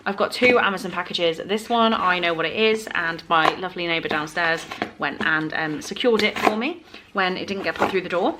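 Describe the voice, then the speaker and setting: Recorded indoors at home in very noisy conditions, this woman runs a book vlog. Her pitch is fairly low and she speaks a little fast, chatting loosely with plenty of fillers and self-corrections.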